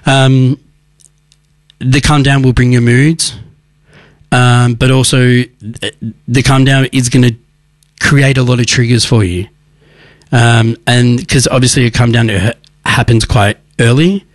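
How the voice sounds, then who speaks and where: A man's voice: medium pitch, fairly even intonation, measured pace, no echo, clean studio sound. A man hosting a radio show, giving earnest, rambling advice on recovery with many restarts. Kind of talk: casual recovery advice talk.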